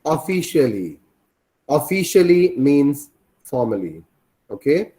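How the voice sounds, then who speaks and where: Male teacher, slightly high voice. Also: sing-song, slow, warm tone. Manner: repeats points and quizzes students. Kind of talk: online class teaching.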